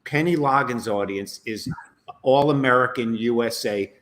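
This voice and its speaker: An older man with a medium-pitched voice, hosting a loose interview over a video call. He talks casually, interjects often, and restarts his sentences as he goes. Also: moderate pace, fairly bright tone, slight background noise. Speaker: show host.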